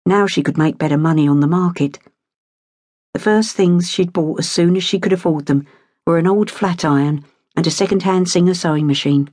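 A woman reading a novel aloud in a steady, measured way. Her voice sits on the low side, and the recording is very dry and close. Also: dry recording. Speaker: audiobook narrator. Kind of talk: scripted narration.

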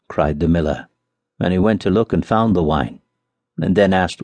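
A man narrating a fairy tale for an audiobook with an expressive storytelling delivery. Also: low voice, moderate pace, dry recording.

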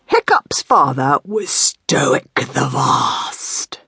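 A woman reading her own children's book aloud, with a playful, expressive delivery and whispered asides. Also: sits low, extremely slow, breathy edge, no room sound, studio quality, faint music behind. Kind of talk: expressive storybook narration.

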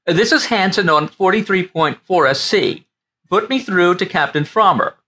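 A man's voice: high-pitched, moderate pace, bright, forceful tone, pitched above the performer's own voice. A man voicing an eager young station attendant in an audiobook, stubborn and insistent about the rules.

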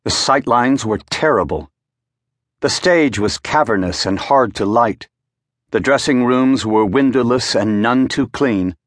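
A man narrating an audiobook in a measured, wry storytelling manner, recorded in a studio. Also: medium pitch, dry recording. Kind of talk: scripted narration.

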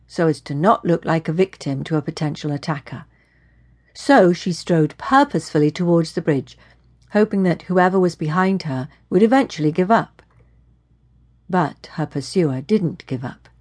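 A woman with a slightly low voice reads a suspense novel in a steady, measured way. Her narration stays calm and even. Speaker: audiobook narrator. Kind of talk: scripted narration.

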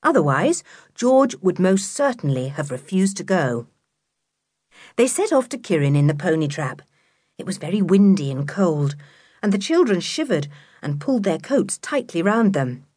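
A woman reads a children's book aloud in a low, husky voice with a very lively, rising and falling melody. She is measured and expressive, recorded close on a studio mic in a dry, deadened space. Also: no room sound. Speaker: audiobook narrator. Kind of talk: scripted narration of a children's book.

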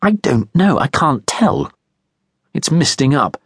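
A man's voice: a little high, sing-song, slow pace, husky, no echo, clean studio sound, voice pushed up, exaggerated voice. A man narrating an audiobook and voicing an irritated, self-righteous middle-aged man in indignant outbursts. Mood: fussing.

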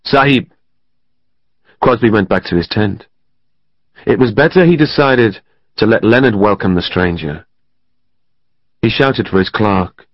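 Male audiobook narrator, steady even telling, lowish voice, dry close studio, slightly dull sound. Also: unhurried, pauses often, no room sound. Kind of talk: scripted narration.

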